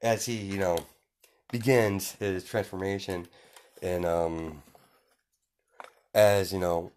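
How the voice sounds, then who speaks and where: A man's voice: sits low, steady tone, slow, pauses often, slight background noise. A man casually retelling a made-up story off the cuff, rambling with lots of fillers and restarts.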